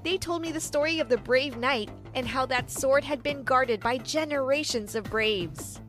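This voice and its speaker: A woman's voice: high voice, fairly bright tone. A young woman narrating a first-person story in a dramatic storytelling manner. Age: young adult.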